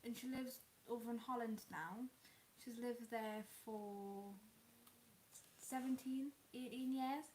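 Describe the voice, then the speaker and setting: A woman co-hosting a casual live chat from home, chatty and quick with interjections. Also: a little high, darkish tone, rough recording. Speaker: co-host. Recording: faint background noise.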